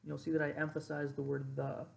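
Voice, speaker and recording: A man's voice: a little high, monotone, brisk, gravelly, noisy background. A young man, a cadet, casually explaining how to call exercises and demonstrating drill cadence. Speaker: ROTC cadet instructor. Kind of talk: informal instructional explanation.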